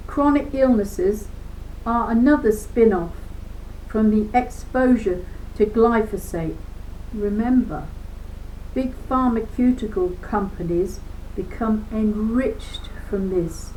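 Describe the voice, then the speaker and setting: A woman's voice: fairly high pitch, rough recording. A woman in her seventies reading a book aloud, breaking off into indignant, emphatic commentary and repeating words for force. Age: 70s. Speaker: reader of a book.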